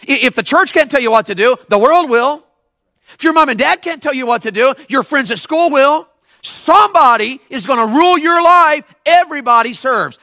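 Animated high-voiced preacher man. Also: no room sound, clean studio sound. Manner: animated, mimics people. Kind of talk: youth sermon. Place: church service.

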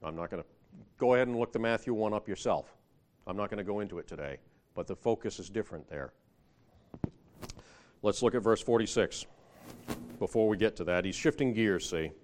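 A man's voice: fairly low pitch, fairly quick, long pauses, a little mellow, slight background noise. Conversational male preacher with rising emphasis. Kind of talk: sermon.

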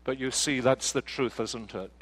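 A man's voice: mid-range voice, fairly even intonation, moderate pace, fairly bright tone, poor audio. A man preaching a sermon, earnest, with rhetorical questions and homely anecdotes. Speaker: pastor.

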